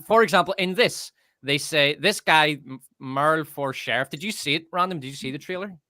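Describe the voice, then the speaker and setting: A man's voice: fairly high pitch, brisk, bright, forceful tone, no echo, studio quality. A man co-hosting a livestream chat, mocking and sarcastic as he gets worked up. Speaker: co-host on a livestream.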